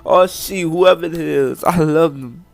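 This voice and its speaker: Crying young man, heartfelt, halting, fairly high voice, faint music behind. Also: creaky, no room sound. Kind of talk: emotional casual talk to camera.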